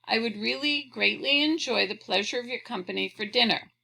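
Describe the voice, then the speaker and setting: A woman's voice: on the high side, fairly even intonation, drawn-out words, gravelly, a bit bright, exaggerated voice. A woman reading aloud, voicing a playful child who giggles and puts on very proper manners.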